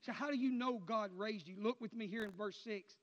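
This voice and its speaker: In a church sanctuary, a man with a high voice preaches briskly and passionately, his delivery rising to shouts and dropping to murmurs. Long hall reverb and a muffled quality color the recording.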